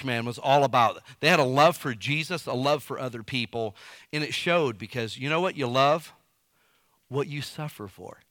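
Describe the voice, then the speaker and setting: A man preaching a sermon as pastor, in a lively, conversational way with everyday stories and folksy grammar. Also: medium pitch, no echo, clean studio sound.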